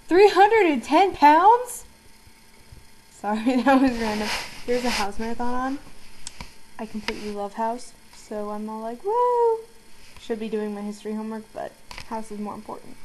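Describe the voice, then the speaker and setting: A woman's voice: fairly high pitch, a little mellow, slight background noise, poor audio. A teenage girl chatting casually to her camera, rambling and giggling as she tells a story. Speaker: vlogger.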